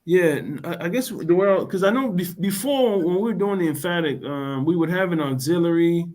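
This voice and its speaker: A man learning a language, trying words out haltingly and asking questions. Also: sits high, darkish tone. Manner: hesitant, halting attempts and questions. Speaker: language student. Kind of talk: online language lesson.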